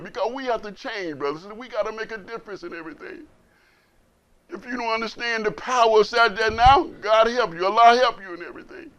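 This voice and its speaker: Serving as imam, a man gives a Friday sermon that's plainspoken and colloquial. He hammers points home by repeating words and shifts from booming delivery to quiet asides.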